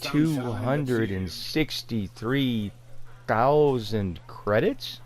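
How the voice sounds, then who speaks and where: A man's voice: mid-range voice, takes it slowly, slight background noise. A man giving sarcastic, incredulous commentary over gameplay, ranting with exasperation. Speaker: gaming video creator.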